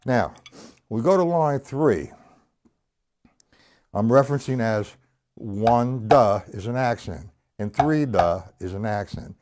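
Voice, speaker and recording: A man teaching drums on a live stream, counting rhythms slowly aloud and chatting with his viewers. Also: mid-range voice, expressive, darkish tone. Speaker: drum teacher. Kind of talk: live-streamed drum lesson. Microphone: single mic, sometimes hidden by his shirt.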